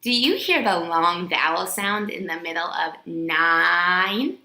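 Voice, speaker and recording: A woman's voice: lowish voice, slow pace, sharp tone, echoey room. A woman teaching a phonics lesson to young children, stretching out words and sounds and answering her own questions in a sing-song way.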